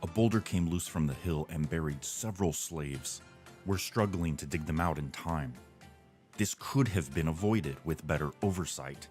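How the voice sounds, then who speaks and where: A stern Roman construction adviser with a very low voice, pressing his point with grave insistence. Soft game music plays under him. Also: moderate pace. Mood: urgent. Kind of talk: video game voice acting.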